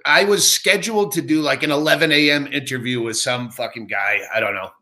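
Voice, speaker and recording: A man's voice: mid-range voice, brisk. A middle-aged man, a comedian, telling profane stories in a casual podcast interview. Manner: profane, animated anecdotes. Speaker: comedian guest.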